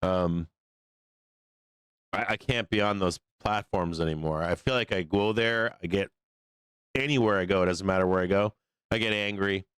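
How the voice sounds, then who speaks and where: A man's voice: low voice, normal speed, long pauses, fairly bright tone, smooth, no room sound. A man hosting a live stock market stream, talking casually and ranting with frustration, swearing freely and laughing often. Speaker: stock market show host.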